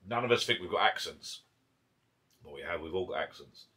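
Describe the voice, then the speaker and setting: Low-voiced yet bright and forceful, with a breathy edge, this Essex man speaks briskly and animatedly. He's a vlogger sharing beers in his garden pub shed, rambling chattily and cutting himself off mid-thought, recorded on a camera mic in his Essex English accent.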